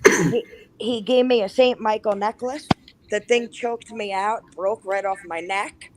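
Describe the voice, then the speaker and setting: A woman's voice: medium pitch, a little slow, noisy background. Woman guest ranting through a spooky story, lots of swearing, acting out the quotes. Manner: animated, profane, acts out quoted lines. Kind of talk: casual storytelling.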